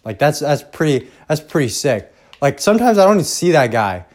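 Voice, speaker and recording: With a slightly high, slightly mellow voice that swings widely in pitch, a young man hosts his podcast alone at a fairly quick clip. Recording at home with headphones, he rambles casually, swearing heavily, making self-deprecating asides and trailing off.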